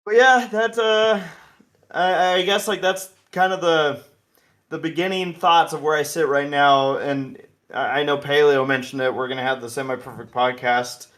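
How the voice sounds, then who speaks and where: A man's voice: a little high, steady tone, moderate pace, fairly bright tone. A man hosting a podcast, chatting casually and animatedly with many restarts and asides. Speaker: podcast host.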